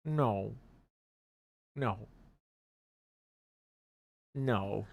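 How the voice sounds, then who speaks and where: A man co-hosting a live stream, reading chat aloud in animated, teasing banter full of exclamations. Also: fairly low pitch, drawn-out words, gravelly. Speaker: livestream co-host reading chat.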